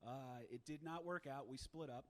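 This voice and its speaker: A man in his thirties telling a self-mocking story in a stand-up set, brash and animated at the punchlines. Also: medium pitch, moderate pace. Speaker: stand-up comic.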